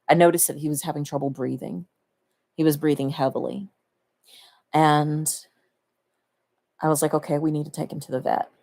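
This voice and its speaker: A woman's voice: sits low, vocal fry, a little mellow. A woman talking casually to the camera, reflecting fondly and laughing between her thoughts. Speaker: vlogger.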